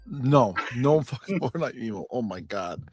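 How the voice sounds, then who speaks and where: A man's voice: mid-range voice, sing-song, normal speed, darkish tone, breathy edge, no echo, soft background music. A male livestream host on a podcast, ranting in a profane, exasperated way. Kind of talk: livestream chat.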